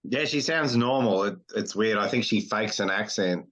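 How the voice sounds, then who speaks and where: A man's voice: fairly low pitch, normal speed, a bit bright. A middle-aged Australian man hosting an interview, blunt and crude in his teasing. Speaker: podcast host. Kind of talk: casual interview chat.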